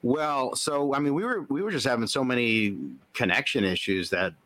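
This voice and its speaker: A man's voice: mid-range voice, normal speed, fairly bright tone, no room sound. A man co-hosting a podcast in casual chat, teasing and mock-serious with dry humor. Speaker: podcast co-host.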